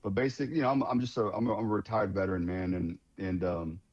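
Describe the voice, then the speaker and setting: A man's voice: low-pitched, fast talker. A retired veteran man telling stories casually in an interview, full of restarts and quoted dialogue. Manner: animated storyteller, many restarts and quoted voices. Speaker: guest, retired Marine veteran. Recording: dull lo-fi sound.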